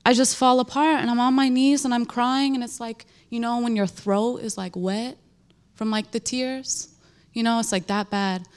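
A woman giving a personal faith testimony, earnest and halting, with lots of "like" and restarts. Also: fairly high pitch, steady tone, smooth.

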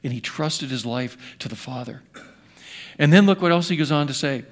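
Earnest older man preaching, fairly high voice. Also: moderate pace. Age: 60s. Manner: earnest, swings from loud emphasis to hushed. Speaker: pastor. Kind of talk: sermon.

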